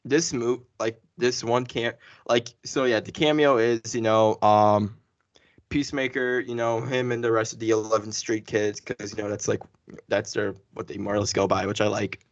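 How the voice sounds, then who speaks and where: A man co-hosting a podcast, chatting casually and excitedly through a spoiler review, full of fillers and restarts. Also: on the low side, normal speed, dry recording. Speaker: podcast co-host. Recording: dull lo-fi sound.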